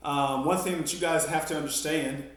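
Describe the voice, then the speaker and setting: A man's voice: a little high, fairly even intonation, normal speed. A man teaching an elementary PE class, coaching a workout and counting down intervals, a little out of breath. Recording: echoey room, mic at a distance.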